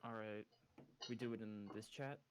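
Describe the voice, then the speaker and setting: A young man with a fairly low voice chats as a player in an online tabletop game. He sounds laid-back and offhand, tossing out short remarks over a voice call. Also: steady tone, normal speed, clear, resonant tone. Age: young adult.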